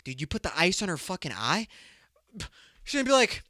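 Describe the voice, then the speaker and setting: Bright, profane man hosting a podcast. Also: sits high, big pitch swings, fairly quick, no room sound, clean studio sound. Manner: profane, rambling storyteller who laughs at his own jokes. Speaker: podcast host. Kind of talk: comedic solo podcast monologue.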